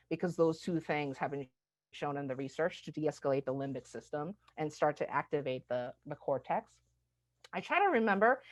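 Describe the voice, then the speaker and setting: A woman speaking in a lively, conversational lecture style, slightly low-pitched for a woman. She keeps tossing in "like" and "right?" and slips into little acted-out voices for quoted reactions. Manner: animated, acts out quoted reactions; frequent "like" and "right?" asides. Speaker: speaker on microaggressions.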